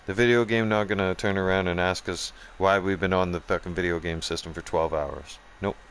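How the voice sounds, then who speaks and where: A man's voice: low voice, steady tone, fairly quick, fairly bright tone, clean tone. A man hosting a gaming channel, ranting profanely in casual chat and talking straight to his viewers. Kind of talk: casual rant while streaming a game.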